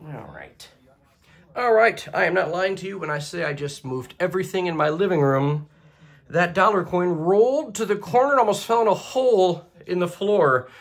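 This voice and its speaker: A host doing deadpan, absurd jokes while flipping a coin for picks in a comedy vlog. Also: mid-range voice, measured pace, slightly rough. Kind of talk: comedic coin-flip bracket picking vlog.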